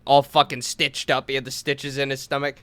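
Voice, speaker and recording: A man's voice: medium pitch, fairly quick. Swearing young man telling a story. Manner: animated storyteller, swears freely, acts out quotes. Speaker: podcast co-host. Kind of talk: casual storytelling chat.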